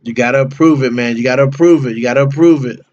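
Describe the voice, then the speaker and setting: A man's voice: mid-range voice, quick pace, darkish tone, dull audio, a little hiss or hum. A man hosting a casual livestream, chatting with viewers by name in slangy, laid-back talk. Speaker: livestream host.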